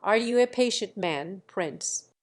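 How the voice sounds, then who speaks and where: Woman doing a commanding older noble mother, abrupt, scolding, impulsive, slow audiobook read. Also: mid-range voice, lively intonation. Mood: brusque.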